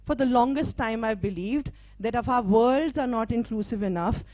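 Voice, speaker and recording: Bright-voiced woman giving a stage talk. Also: fairly high pitch, no room sound. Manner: conversational, often adds "right?" and "okay?" to check in with listeners. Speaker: speaker at a live talk event; mental health practitioner and diversity trainer.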